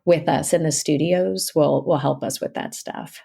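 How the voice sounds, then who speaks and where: A woman audiobook narrator, a guest in an interview, talking casually and lively, often restarting her sentences. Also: deep voice, unhurried, creaky, husky. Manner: lively, self-interrupting storyteller.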